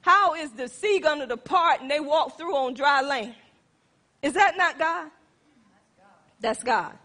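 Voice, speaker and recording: A woman preacher with a high, bright voice, telling her testimony in an emphatic, animated way. She speaks straight to her congregation. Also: unhurried. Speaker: pastor. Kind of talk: sermon testimony.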